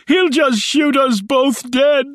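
A man's voice: very high voice, slow, no room sound, studio quality, pitched above the performer's own voice, exaggerated voice. A man doing a wounded man screaming in panic. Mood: panicked. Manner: strained, desperate shouting.

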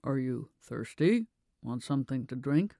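A narrator voicing an aging father who grumbles, fusses over his daughter as a host and turns sharp. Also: mid-range voice, expressive, a little slow, dry recording, studio quality, voice pushed down. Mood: fussing. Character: aging father, gruff, fussing, then angry.

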